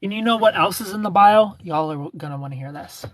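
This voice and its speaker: A man's voice: sits high, a little fast, a bit bright. A young man from the United States with a Southern accent, hosting a casual livestream and playfully greeting viewers by name. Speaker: livestream host. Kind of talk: casual chat with live viewers.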